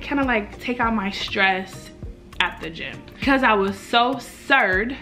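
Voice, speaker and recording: Bright-voiced young woman vlogging. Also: medium pitch, unhurried, soft background music. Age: young adult. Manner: emotional, repetitive, gushing. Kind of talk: casual vlog talk. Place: indoors at home by a window.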